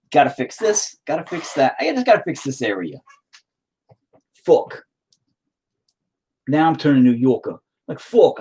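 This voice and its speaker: Husky rambling Southern-tinged man. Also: mid-range voice. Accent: rural Southern US. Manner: rambling, profane, self-mocking. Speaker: painting video host. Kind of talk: casual chat while painting.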